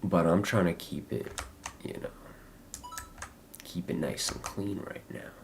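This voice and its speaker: A young American man streaming a game, talking in a loose, halting, rambling way full of fillers and restarts. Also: low-pitched, creaky, noisy background. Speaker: livestreamer. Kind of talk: casual rambling gameplay chat.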